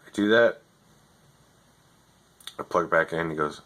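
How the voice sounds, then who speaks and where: A man telling a rant about customer service, exasperated and profane, swinging between loud outbursts and muttering. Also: low-pitched, a little slow. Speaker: vlogger. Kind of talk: ranting storytelling.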